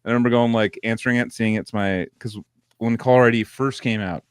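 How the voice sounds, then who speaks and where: A man's voice: mid-range voice, steady tone, brisk, clear, resonant tone, no echo, studio quality. A man co-hosting a podcast, telling stories in loose, profane casual chat and laughing often. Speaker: podcast co-host.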